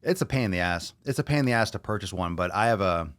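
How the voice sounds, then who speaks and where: A lower-pitched man holds forth on his own podcast, rambling loosely with lots of swearing and jokes. The sound is dry and close, with no room around the voice. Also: expressive, quick pace, clear, resonant tone, no room sound. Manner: loose, profane, joking, puts on silly voices. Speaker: podcast host. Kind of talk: casual solo podcast rant.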